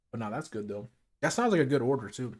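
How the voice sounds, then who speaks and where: A livestreamer with a husky, medium-pitched male voice chats in relaxed slang while eating during a casual just-chatting stream. His streaming mic runs a noise gate and filters.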